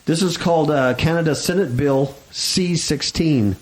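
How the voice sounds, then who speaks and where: A man's voice: fairly high pitch, a little slow, rough recording. A man hosting a radio talk show, chatting casually in a sarcastic, mocking way. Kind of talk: casual chat.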